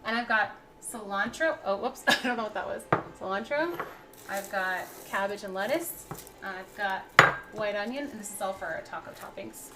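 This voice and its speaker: Here a young woman chats away while cooking on her livestream, her talk rambling and full of fillers and false starts. She speaks at medium pitch and a moderate pace over heavy background noise, with faint music playing.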